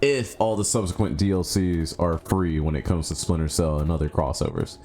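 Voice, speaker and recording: A man streaming a game live, chatting casually and thinking out loud, with sudden excited yelps. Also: low voice, brisk, slight background noise. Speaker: gaming streamer. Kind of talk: casual live gameplay commentary.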